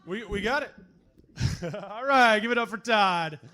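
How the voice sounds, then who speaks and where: A man's voice: high voice, measured pace, very noisy. A man hosting an open mic in a bar, upbeat and encouraging as he calls up each performer. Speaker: slam host.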